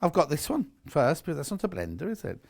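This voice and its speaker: A man's voice: a little high, huge pitch swings, brisk, creaky. Bantering man on shopping TV. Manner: chatty, bantering, chuckling asides. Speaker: shopping channel presenter. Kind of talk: live shopping TV chat.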